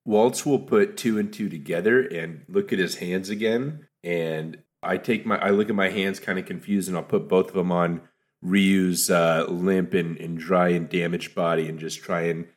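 A man's voice: low voice, fairly even intonation, normal speed. A young man describing his character's actions in a tabletop game, easygoing and hesitant. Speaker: player. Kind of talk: casual tabletop role-play.

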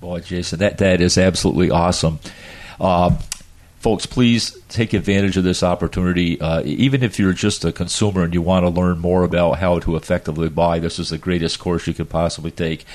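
A man's voice: sits low, fairly even intonation, brisk, a little mellow. A man hosting a radio show, upbeat and full of praise as he wraps up an interview.

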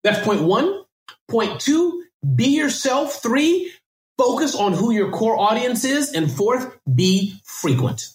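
A man talking fast and energetically as a podcast guest, full of restarts and repeated words. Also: very high-pitched, expressive, reverberant, poor audio. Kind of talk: casual interview answers.

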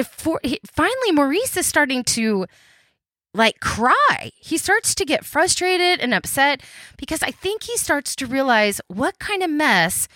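True crime podcast host, woman, chatty storyteller, lively pitch, dry close sound. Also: dry recording. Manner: chatty, many restarts and fillers, addresses listeners as guys. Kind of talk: casual storytelling narration.

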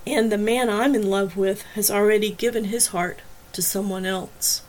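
A woman voicing a quiet, heartfelt heroine. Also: medium pitch, steady tone, normal speed, natural voice, poor audio. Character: emotional adult woman heroine, in love.

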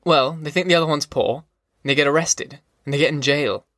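A man's voice: a little high, steady tone, a little fast, a bit bright, no room sound, studio quality, close to an everyday voice. A man voicing a folksy male migrant who eagerly retells a movie plot in plain talk. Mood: chatty.

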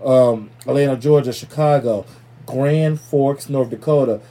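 Male podcast host, warm dark tone, loose and profane casual banter. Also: mid-range voice, a little slow. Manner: loose, profane, playful shout-outs. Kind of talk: casual chat.

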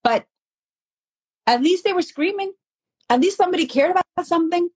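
A woman guest on a podcast, talking in an emphatic, animated storytelling way about faith. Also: very high voice, normal speed, dry recording, rough recording. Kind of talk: passionate podcast conversation.

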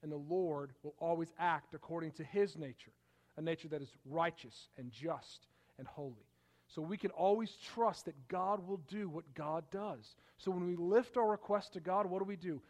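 A middle-aged pastor delivers a sermon in a relaxed, conversational tone. His voice sits a touch high for a man, and he lifts his volume to stress key points. He often restarts his sentences as he speaks. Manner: conversational preaching, rising for emphasis, frequent restarts.

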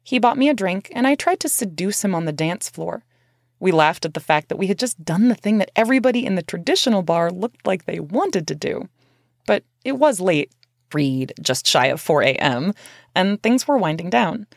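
A woman's voice: fairly low pitch, animated, normal speed, vocal fry, dry recording, clean studio sound. A woman reading her memoir aloud as narrator, in a candid, conversational way with casual swearing.

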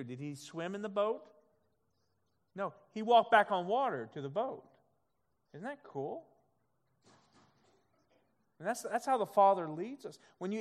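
A man preaches a sermon from the pulpit, his voice set slightly high. He drops to soft, quiet stretches and builds to loud, emphatic ones, now and then acting out God's voice. A long hall reverb trails every phrase. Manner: acts out God's voice in quoted asides. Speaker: pastor.

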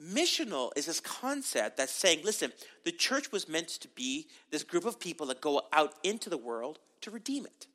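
A middle-aged man from Canada preaching as a pastor in a conversational sermon style, with animated delivery and frequent asides. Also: fairly high pitch, moderate pace, hardly any pauses.

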